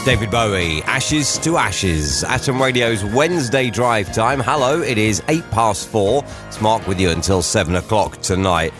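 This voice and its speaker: A man hosting a drivetime radio show, talking in a very low, deep voice. He muses and rambles in casual chat, adding asides as he goes. Music plays clearly behind him in the studio. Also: animated, normal speed, hardly any pauses. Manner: rambling, musing, conversational asides. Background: music playing.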